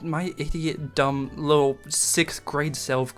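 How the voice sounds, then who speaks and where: A man's voice: a little high, fairly even intonation, takes it slowly, soft background music. Rambling, foul-mouthed young man telling a story. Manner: rambling, profane, self-mocking, laughs often. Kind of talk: casual storytime.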